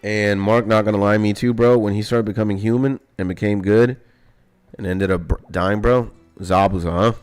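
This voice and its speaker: Excited, slangy young man streaming. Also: on the low side, normal speed, clean tone, soft background music. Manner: excited, swears a lot, slangy. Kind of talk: casual gaming stream chat.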